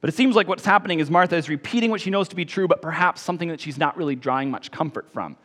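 A man preaching a sermon as pastor, emphatic, rising on key phrases and then dropping soft. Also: on the high side, rapid-fire, in a large hall.

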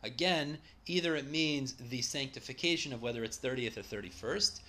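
A man's voice: medium pitch, moderate pace, sharp tone. A man giving a Talmud study lecture, reading Aramaic phrases and translating each into plain English. He explains step by step in a conversational way and corrects himself as he goes. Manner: conversational, with small self-corrections. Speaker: Talmud teacher.

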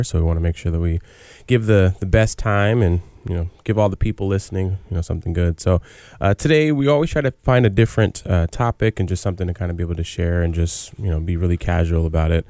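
A man hosting a casual community radio show, relaxed and soothing in his delivery. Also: sits low, fast, no echo, studio quality.

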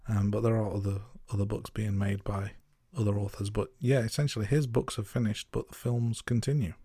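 A man's voice: on the low side, steady tone, a little fast, warm tone, breathy edge, no echo. A man co-hosting a podcast, chatting casually about a film, laughing at himself and restarting his sentences. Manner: self-deprecating, laughs at himself, stumbling restarts. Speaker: podcast co-host.

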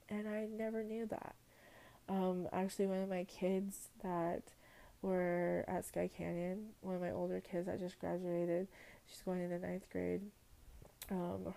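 A woman's voice: lowish voice, vocal fry, mellow, rough recording. A young woman, a before and after care teacher, talking emotionally and reflectively on a podcast, close to tears. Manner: heartfelt, emotional, slow and reflective. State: tearful, near crying. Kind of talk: personal podcast talk.

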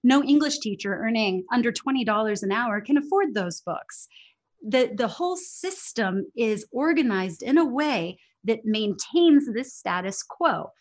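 A woman speaking as an interview guest, talking in an animated, emphatic way with frequent restarts. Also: on the high side, measured pace. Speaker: interview guest, English teacher trainer. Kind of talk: conversational interview.

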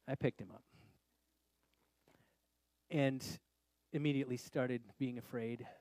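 Speaking slowly in a mid-range voice, a middle-aged pastor narrates a story during his sermon. He's animated, swinging from loud exclamations to quiet confession, with no echo in the audio.

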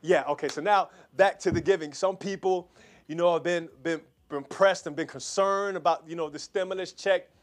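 Pastor guy praying hard and pushing the offering, kinda high voice, keeps repeating himself. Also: fairly even intonation. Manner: fervent, repetitive exhorting with quick restarts. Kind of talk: prayer and offering appeal.

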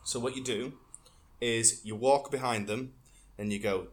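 A man co-hosting a podcast in casual banter, animated and sweary, now and then breaking into sung tunes. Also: mid-range voice, unhurried. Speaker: podcast co-host.

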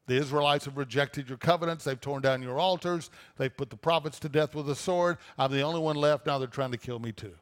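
A man's voice: a little high, fairly quick, hardly any pauses, clear, resonant tone, big-room sound. A man preaching a sermon, reading a scripture passage aloud and then explaining it with rhetorical questions. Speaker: pastor.

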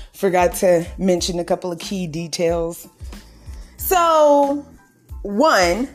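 Lady ranting, high voice jumping all over, swears a lot, faint music behind. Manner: indignant, swearing, laughing. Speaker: podcast host. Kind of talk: venting monologue.

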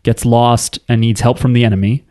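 A man's voice: mid-range voice, steady tone, brisk, mellow, dry recording, studio quality. A man co-hosting a casual podcast, recapping an anime with crude jokes and acted-out quotes. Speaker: podcast co-host.

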